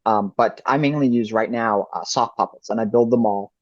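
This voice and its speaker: Low-voiced man, dull lo-fi recording. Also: moderate pace, no echo. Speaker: ventriloquist guest. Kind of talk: casual interview answers.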